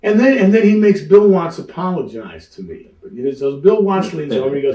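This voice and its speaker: A man's voice: a little high, brisk. A man telling stories in an interview, acting out the voices of the people he quotes and laughing through his tales. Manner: animated storyteller who acts out quoted voices. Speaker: interview guest, wrestling veteran. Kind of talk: storytelling shoot interview. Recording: roomy sound, mic at a distance.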